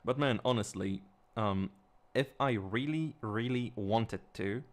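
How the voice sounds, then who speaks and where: An Eastern European man, a non-native English speaker, chats casually while building a model kit. He mutters to himself and swears freely. His voice sits low and he speaks slowly. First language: not English. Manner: mumbling, swearing, talking to himself.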